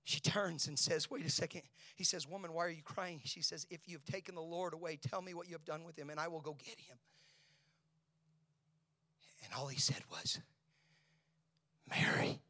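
A man preaching a sermon, moving between hushed, whispered lines and loud, climbing exclamations. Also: fairly even intonation, normal speed, pauses often, dry recording, studio quality. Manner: dramatic preaching, swings from soft whispers to loud high shouts. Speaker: pastor.

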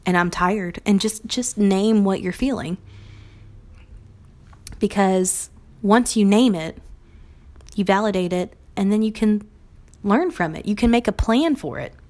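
A young adult Montessori teacher speaks in a warm, mid-range voice at a measured pace with long pauses. In this recorded talk she reflects earnestly on teaching and acts out short quoted phrases.

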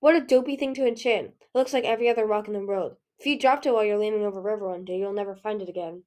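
A woman's voice: medium pitch, racing, a little mellow, lightly acted. A woman voicing an anxious, defensive young female dragon with flustered protests. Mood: scornful.

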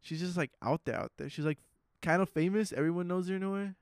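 A young man talks in a hesitant, rambling way, padding his sentences with fillers. His voice sits a bit higher than most men's. The sound is dry and close. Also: fast, clean tone, dry recording. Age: young adult. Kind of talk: casual chat.

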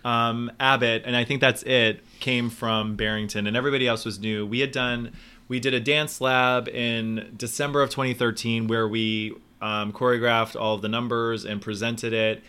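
Male performer, casual storyteller, bright and clear tone, acts out quotes. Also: medium pitch, normal speed. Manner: animated storyteller acting out quotes. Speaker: Broadway performer.

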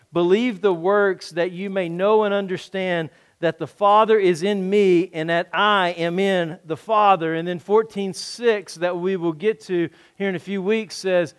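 A man's voice: sits high, smooth. Earnest man preaching a sermon. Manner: earnest, conversational preaching with rhetorical questions. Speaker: pastor.

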